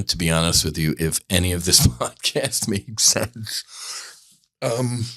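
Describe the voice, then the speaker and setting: A man with a somewhat low, bright and forceful voice hosts a podcast, talking through faith in a loose, earnest monologue. He rambles and stops himself mid-thought, then starts over with fresh conviction. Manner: rambling, earnest, self-interrupting. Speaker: podcast host. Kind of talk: candid spiritual monologue.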